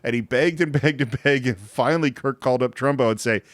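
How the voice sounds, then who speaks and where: A man's voice: medium pitch, a little fast, no room sound. A man co-hosting a film podcast, chatting and explaining as he recaps scenes, close to the mic. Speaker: podcast co-host. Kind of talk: casual film podcast commentary.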